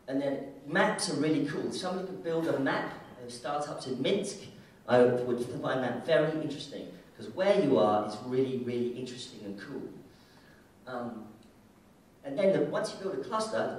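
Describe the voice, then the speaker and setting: A man giving a casual, joking conference keynote talk in an irreverent manner, from the United Kingdom. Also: medium pitch. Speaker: keynote speaker. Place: large conference hall. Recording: echoey hall, mic heard from far off.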